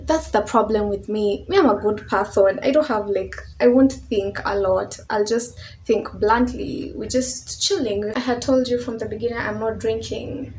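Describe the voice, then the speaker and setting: A young Kenyan-accented woman vlogs a casual storytime, chatty and laughing often as she mixes English with Swahili slang. Her voice is medium in pitch, a little mellow, at a moderate pace. The audio is poor, with slight background noise.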